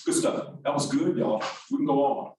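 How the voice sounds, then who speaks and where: Lively high-voiced man teaching. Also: heavy reverb, far from the mic, noisy background. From Alabama, US. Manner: brisk, animated, calls on the room. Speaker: workshop instructor. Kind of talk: interactive classroom lecture. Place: large echoey classroom.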